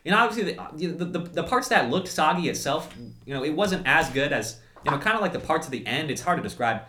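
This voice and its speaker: Fast-talking young man, rambling food review. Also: fairly high pitch, big pitch swings, pushed and bright, roomy sound. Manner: rambling, many fillers and restarts, laughs at himself. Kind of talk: casual chat, food review.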